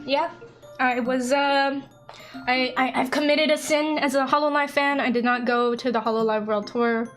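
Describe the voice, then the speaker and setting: A young woman streaming and chatting casually as a VTuber, excitable, laughing often and acting out quoted conversations. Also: high-pitched, normal speed, faint music behind.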